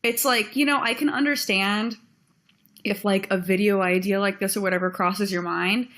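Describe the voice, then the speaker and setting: A woman's voice: medium pitch, fairly even intonation, moderate pace, a bit bright. A young woman ranting on her own video channel, blunt and heated, swearing freely as she vents. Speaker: vlogger.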